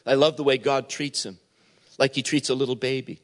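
A man's voice: medium pitch, steady tone, fairly quick. A man preaching a sermon as pastor, retelling a Bible story and acting out the voices in it.

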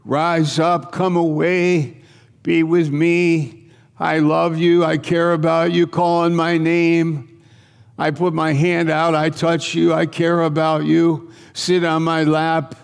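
A man voicing a tender, loving male God gently calling his beloved to come close, in a coaxing, pleading way. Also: fairly high pitch, level tone, slow pace, creaky, clean tone, voice pushed up.

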